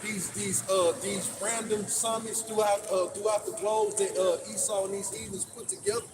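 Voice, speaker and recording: A man's voice: high voice, fairly even intonation, normal speed. A man leading a casual religious discussion in a preachy way, often repeating his words as he builds a point. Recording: noisy, distant mic.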